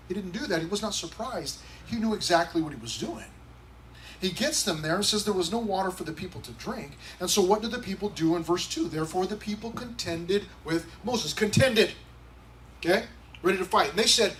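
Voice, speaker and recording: A male pastor preaching in a conversational, animated way, acting out voices and asking rhetorical questions. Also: sits high, a little fast, a little hiss or hum, rough recording. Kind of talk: sermon.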